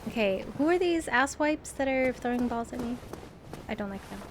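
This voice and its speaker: High-voiced jumpy woman gaming. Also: expressive, normal speed, noisy background. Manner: jumpy, swearing, nervous laughter; talks to enemies on screen. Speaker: streamer. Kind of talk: live gameplay commentary.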